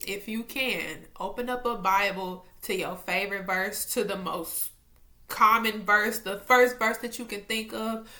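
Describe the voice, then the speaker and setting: A young woman, talking to camera at home about faith in a chatty, animated way. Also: mid-range voice, measured pace. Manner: animated, excitable, chatty, talks straight to viewers. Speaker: faith vlogger. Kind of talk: casual faith talk to camera.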